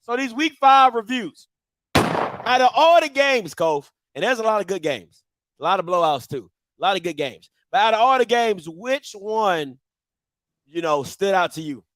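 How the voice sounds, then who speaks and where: A man's voice: high-pitched, expressive, normal speed, a bit bright, no room sound. A man hosting a casual sports chat, loose and conversational, often repeating himself. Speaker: host.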